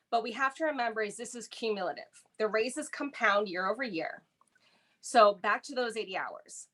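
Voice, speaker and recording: A woman's voice: mid-range voice, sharp tone. A woman on a union negotiating team, methodically walking listeners through pay figures step by step. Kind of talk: explanatory walkthrough of contract math.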